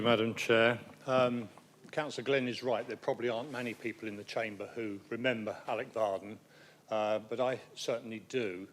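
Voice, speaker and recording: A man's voice: lowish voice, fairly bright tone, a little hiss or hum. A man giving a council meeting tribute speech, anecdotal and wry, sometimes stumbling over repeated words. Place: council chamber.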